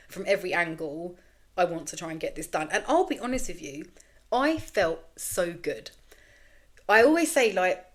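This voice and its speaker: A woman in her thirties hosting a candid solo podcast, rambling frankly and self-deprecatingly, swearing freely. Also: fairly low pitch. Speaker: podcast host.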